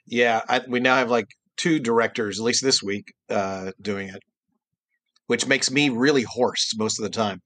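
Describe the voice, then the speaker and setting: A man's voice: mid-range voice, moderate pace, dry recording. A middle-aged man, a voice actor, chatting casually on a podcast and acting out lines in character voices. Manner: animated, acts out quotes in character voices. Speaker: voice actor guest.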